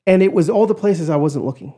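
A man tells a personal story as a podcast guest, animated and expressive, slipping into the voices of the people in it. His voice sits a little high but sounds mellow and warm. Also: fast. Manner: animated, acts out quoted voices, shouts in retelling.

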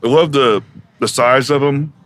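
A man's voice: medium pitch, normal speed, fairly bright tone. A man giving laid-back, agreeable opinions in casual food review chat. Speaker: guest reviewer.

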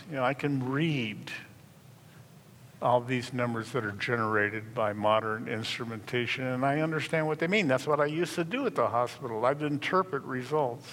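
A man preaching a sermon in earnest, stressing key words slowly and emphatically. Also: medium pitch, a bit bright. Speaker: pastor. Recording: reverberant hall, faint room noise.

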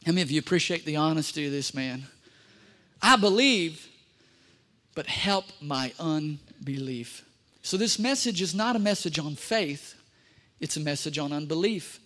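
A man's voice: on the high side, animated, brisk, fairly bright tone. A man preaching a sermon as pastor, emphatic, repeating key phrases and speaking straight to the congregation.

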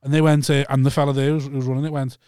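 A man, co-hosting a casual podcast chat, teasing his guest with quick questions. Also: medium pitch, level tone, darkish tone, clean tone, no room sound, clean studio sound.

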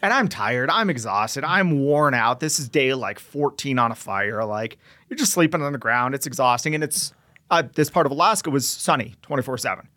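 A man's voice: mid-range voice, normal speed. A young man telling a story in a casual interview, acting out bits of radio talk as he goes. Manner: animated storyteller who acts out radio dialogue. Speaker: guest, veteran entrepreneur.

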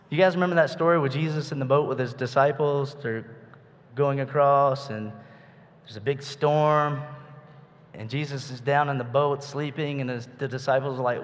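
A man's voice: medium pitch, fairly even intonation, moderate pace. A man preaching a sermon in a conversational way, asking his listeners rhetorical questions. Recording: echoey hall with long reverb.

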